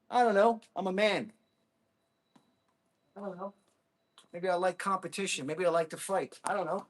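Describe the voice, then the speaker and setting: Male streamer mid-workout, high voice, loud whoops, blunt and combative. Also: a little slow, pauses often. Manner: energetic, whooping, talking to chat between hits; blunt and combative toward trolls. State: exerting himself while hitting a ball. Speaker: livestreamer. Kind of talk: casual livestream chat while training.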